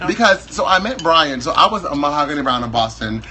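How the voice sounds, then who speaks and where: A man's voice: on the high side, big pitch swings, fast talker, bright, forceful tone, low-quality recording. A man in his thirties from Wisconsin, chatting as a guest in a flamboyant, campy, playfully exaggerated way. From Wisconsin, USA. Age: 30s. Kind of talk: casual chat.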